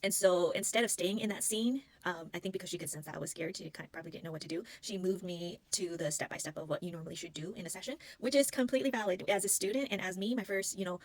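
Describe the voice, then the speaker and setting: A woman's voice: lowish voice, quick pace, hardly any pauses, no room sound, low-quality recording. A woman who works as a spiritual healing practitioner, telling a personal story in an earnest, rambling way and often searching for words. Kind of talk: casual personal storytelling to camera.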